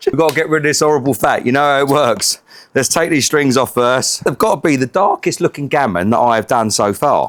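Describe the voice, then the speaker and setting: A middle-aged man hosting a casual cooking vlog, joking, laughing often and swearing freely. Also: medium pitch. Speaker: home cooking vlogger.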